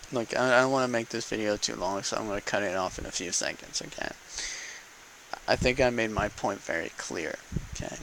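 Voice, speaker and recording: A man's voice: lowish voice, gravelly, a bit bright, slight background noise, rough recording. A man giving a casual, argumentative political monologue to camera, punctuating points with rhetorical "okay?" and "right?". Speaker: vlogger speaking to camera.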